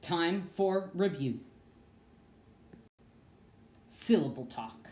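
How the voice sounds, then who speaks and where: Upbeat woman teacher, low voice, echoey room. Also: animated, drawn-out words, darkish tone, slight background noise. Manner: upbeat and playful, sings phrases. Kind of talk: online reading lesson for kids.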